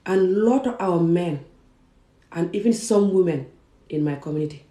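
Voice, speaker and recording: A woman's voice: on the low side, moderate pace, dark tone. A woman from Gambia and Senegal giving an emphatic personal vlog monologue, repeating words for stress. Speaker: vlogger. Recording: roomy echo.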